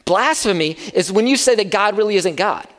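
A man preaching a sermon in a conversational, animated way, with casual asides. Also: high voice, a little fast. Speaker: pastor. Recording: long hall reverb.

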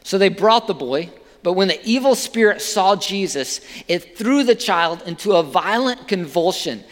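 A man with a high voice preaches to his congregation. He talks in a relaxed, conversational way and keeps asking the listeners rhetorical questions. His voice rings with the long reverb of a large hall. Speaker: pastor. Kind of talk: sermon.

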